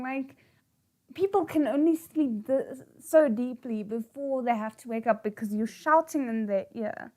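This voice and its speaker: A woman streaming a live read-aloud of comics, breaking off to react in an animated, exclaiming way. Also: a little high, unhurried.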